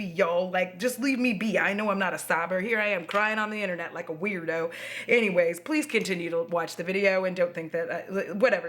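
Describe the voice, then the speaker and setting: A woman's voice: mid-range voice, normal speed, a bit bright. A woman vlogging at home, chatting expressively while doing her makeup and swearing freely. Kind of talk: casual chat to camera.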